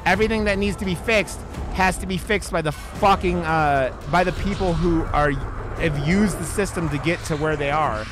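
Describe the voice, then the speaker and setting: Angry high-voiced man ranting mid-stream. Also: normal speed, music in the background. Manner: heavy swearing, restarts mid-sentence, addresses chat viewers. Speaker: streamer playing a video game. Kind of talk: heated live-stream rant.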